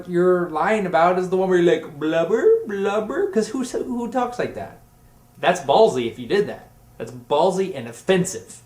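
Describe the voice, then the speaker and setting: A young man vlogging, telling comedic stories in a rambling way and acting out the other people's voices. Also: mid-range voice. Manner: jokey, rambling, acts out voices in his stories. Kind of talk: comedic storytelling vlog. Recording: echoey room.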